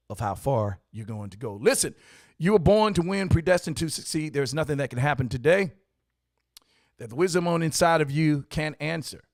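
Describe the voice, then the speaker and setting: A high-voiced man who runs a coffee shop and hosts the show offers motivational storytelling, preaching emphatically and repeating himself. The sound is clean studio audio with no echo.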